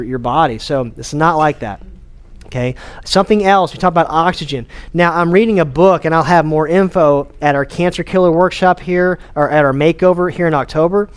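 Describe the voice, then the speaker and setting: A man with a Texan accent speaks to a room of patients in a lively, off-the-cuff way, his voice sitting a little high. He trips over words, repeats himself and restarts sentences, keeping the talk casual and eager. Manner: energetic, informal, frequent restarts and repeated words. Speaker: chiropractor giving a health talk.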